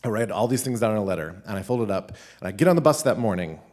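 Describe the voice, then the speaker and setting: Animated, lively storytelling man. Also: fairly low pitch, rapid-fire. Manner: animated, laughing, with many "like" fillers. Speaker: teacher telling a story. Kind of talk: live personal storytelling. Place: school event stage.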